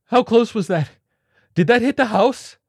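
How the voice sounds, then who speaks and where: A man's voice: deep voice, animated, moderate pace, darkish tone, no echo. A man voicing a flutist who scoffs at the news and then wails in fear. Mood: wailing. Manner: dismissive, then wailing. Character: cynical flutist turned hysterical.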